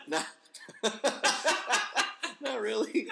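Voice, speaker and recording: Low-voiced woman hosting, giggly. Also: lively intonation, a little fast, very noisy. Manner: laughs often, playful, calls kids bro. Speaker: host. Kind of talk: casual family joke segment.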